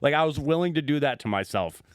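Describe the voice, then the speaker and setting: A man's voice: a little high, animated, quick pace, clear, resonant tone, no echo, studio quality. A man co-hosting a podcast, chatting casually in a rambling, profane, joking way as he tells stories. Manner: rambling, profane, jokey storytelling. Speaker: podcast co-host. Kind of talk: casual chat.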